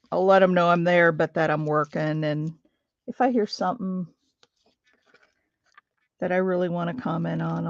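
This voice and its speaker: A woman with a gravelly, creaky voice chats unhurriedly with her viewers while she works on a craft project. She greets people by name and talks through each step as she goes. The sound is dry and a little dull, like a lo-fi recording. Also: lowish voice, no room sound. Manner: chatty, greets viewers and thinks aloud while working. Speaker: craft livestream host. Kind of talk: casual chat while crafting.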